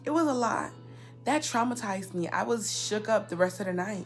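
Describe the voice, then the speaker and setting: A young woman telling a personal story in a casual, indignant rant, swinging between loud outbursts and quiet asides. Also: medium pitch, expressive, moderate pace, faint music behind. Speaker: storyteller vlogger.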